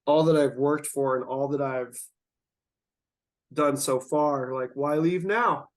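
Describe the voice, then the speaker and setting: A man hosting a casual podcast chat, rambling and drawn-out, stoned and yawning, laughing often. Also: a little high. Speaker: podcast host.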